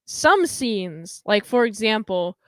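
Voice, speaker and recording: A woman co-hosting a podcast, chatting casually about a movie and acting out scenes in quick quoted voices. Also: medium pitch, sing-song, a bit bright, no room sound, studio quality. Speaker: podcast co-host.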